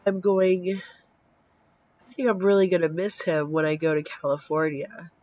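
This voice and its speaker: A woman's voice: lowish voice, normal speed, dry recording. A woman in her thirties telling a story in a casual vlog, acting out the dialogue and swearing casually, tired from little sleep. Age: 30s. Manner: animated, acts out quoted dialogue, swears casually. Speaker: vlogger. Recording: dull lo-fi sound.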